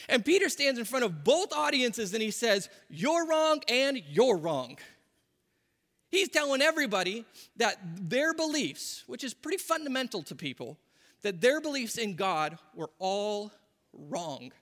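A man preaching a sermon, telling the story in an animated way and acting out the people in it. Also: very high-pitched, normal speed. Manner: animated storytelling, acts out voices with laughs. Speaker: pastor. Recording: long reverb of a large hall.

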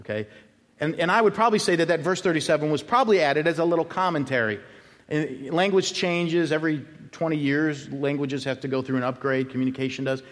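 A man preaching an expository sermon as pastor, emphatic and animated, with asides to his congregation. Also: a little high, brisk. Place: church sanctuary. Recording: church hall with long reverb.

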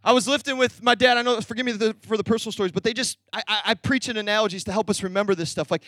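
A young man preaching a sermon, energetic and storytelling, acting out bits of dialogue. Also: high-pitched, rapid-fire, dry recording. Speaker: pastor.

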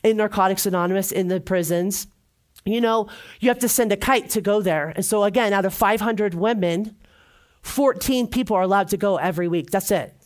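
At a church gathering, a middle-aged woman gives a heartfelt personal testimony in a medium-pitched, brisk voice. She speaks earnestly and repeats phrases for emphasis.

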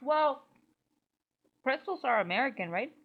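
A Mexican woman co-hosts a laid-back podcast, rambling, cursing freely, laughing a lot and sounding slightly tipsy. Her voice is high and animated, delivered at a measured pace. The lo-fi recording sounds a bit dull.

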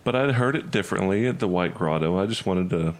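A man with a very deep voice plays a tabletop game, dry and polite in his manner. Faint background noise sits behind him. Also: quick pace. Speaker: player. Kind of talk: playing a tabletop game in character.

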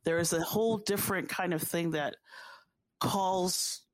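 A woman of Haitian background speaking earnestly and warmly about her faith in a conversation, repeating phrases for emphasis. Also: lowish voice, unhurried, no room sound. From Haitian family.

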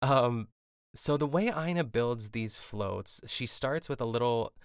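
Gravelly chatty male podcast host. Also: medium pitch, measured pace, no echo, studio quality. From Pittsburgh. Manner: chatty, rambling, laughs often, lots of fillers. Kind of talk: casual solo recap podcast.

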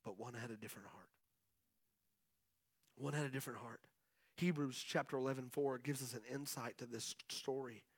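A man's voice: medium pitch, normal speed, long pauses, husky, dry recording, studio quality. A middle-aged man preaching a sermon as the pastor, chatting with the congregation and calling out to them for answers. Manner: conversational preaching with audience call-outs.

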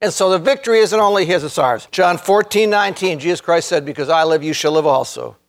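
A man preaching a sermon as pastor, earnest, slowing down and rising in fervor to stress key words. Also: fairly high pitch.

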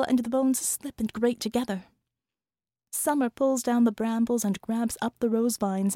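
Slow hushed woman narrating dark fiction. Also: fairly high pitch, no room sound, studio quality. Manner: slow, dropping often to an unvoiced whisper. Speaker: narrator, voiceover artist. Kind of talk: dramatic fiction reading.

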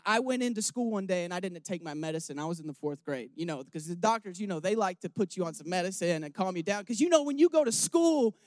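A man's voice: extremely high pitch, dry recording. Emotional man preaching a sermon. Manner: candid, rambling, with many restarts and direct questions to the audience; swings from hushed and emotional to loud and rousing.

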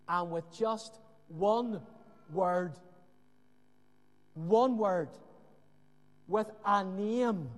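A man preaching a sermon with earnest emphasis and dramatic pauses, often dropping to a hushed voice. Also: high-pitched. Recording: long hall reverb.

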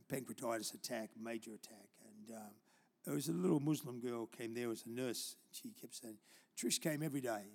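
An older man preaching a live church sermon, telling stories and moving between loud exhortation and quiet, tender asides. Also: medium pitch. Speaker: pastor. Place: church auditorium.

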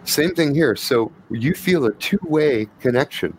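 A man narrating a tabletop game as game master, explaining rules and scenes in a relaxed, rambling way. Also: fairly high pitch, unhurried, a little hiss or hum, rough recording.

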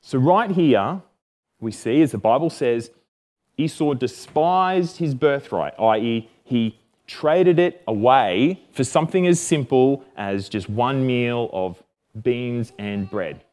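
A man's voice: mid-range voice, animated, slow, darkish tone. A man with an Australian accent giving a casual, jokey Bible lesson, often correcting himself. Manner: chatty and jokey, self-correcting.

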